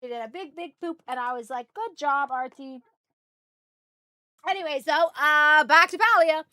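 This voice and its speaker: A woman's voice: sits high, fairly quick, pushed and bright, no room sound. A woman streaming a video game, chatting casually with viewers, giggly and swearing freely, with many fillers. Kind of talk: casual live-stream chat.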